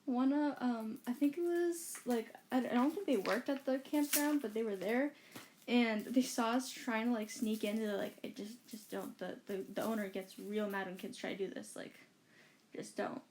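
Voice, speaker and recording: A woman's voice: a little high, normal speed, darkish tone, a little hiss or hum. A woman co-hosting a casual podcast from a bedroom, telling a rambling story full of fillers and quoted lines. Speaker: podcast co-host.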